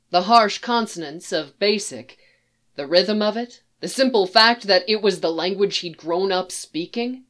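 Slow, low-voiced woman narrating a story. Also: a bit bright. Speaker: audiobook reader. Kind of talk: reading a science fiction story aloud.

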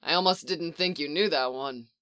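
A reader voicing a calm, possessive clone commander man with a low, dry teasing way of talking. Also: normal speed, smooth, lightly acted. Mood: smirking, murmuring.

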